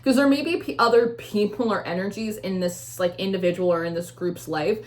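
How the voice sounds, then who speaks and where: A woman's voice: medium pitch, brisk. Rambling woman giving a tarot reading. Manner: rambling, filler-heavy, acts out quoted voices. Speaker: tarot reader. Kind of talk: casual intuitive tarot reading.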